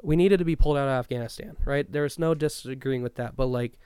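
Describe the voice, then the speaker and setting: Young man, podcast co-host, smooth clear voice, dry close sound, rambling casual chat. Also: mid-range voice, quick pace, mellow, no room sound. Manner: loose, rambling, swears a lot.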